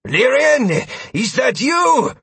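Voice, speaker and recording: A man voicing a gruff male adventurer who growls his lines in an audiobook. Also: medium pitch, takes it slowly, a bit bright, no echo. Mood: relieved.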